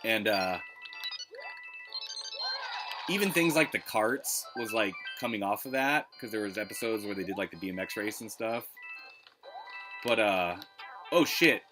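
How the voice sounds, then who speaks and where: A man's voice: fairly low pitch, normal speed, music in the background. A man streaming retro gameplay live, rambling in casual chat and swearing freely. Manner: rambling, swears, lots of restarts. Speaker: gaming streamer.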